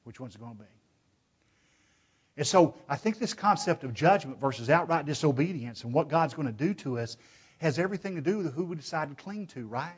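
Male preacher, pitched a bit high, emphatic, rhetorical questions, husky voice. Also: animated, brisk. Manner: emphatic, shifts from loud urging to hushed pleading; addresses listeners as brethren, asks rhetorical questions. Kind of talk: sermon. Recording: dull, lo-fi recording.

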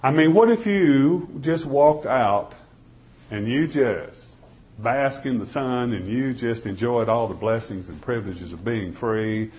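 A man preaches, telling a dramatic first-person story in a middle-pitched voice. He swings between loud pleading and hushed, almost whispered lines. The recording sounds dull and lo-fi. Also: expressive, measured pace.

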